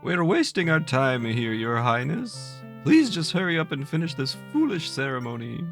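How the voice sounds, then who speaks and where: A man's voice: fairly high pitch, very animated, normal speed, fairly bright tone, faint music behind, pitched above the performer's own voice. Man doing a sneering Irish villain chancellor. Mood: scornful. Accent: put-on Irish. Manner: haughty, scornful. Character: sneering evil older male chancellor.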